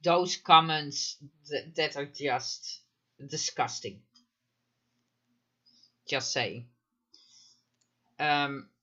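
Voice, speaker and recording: Guy talking slow and kinda high, emphatic, lots of "like", bit dull lo-fi stream sound. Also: bright, forceful tone. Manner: emphatic, rhetorical questions, many fillers. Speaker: mental health commentator. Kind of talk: live commentary chat.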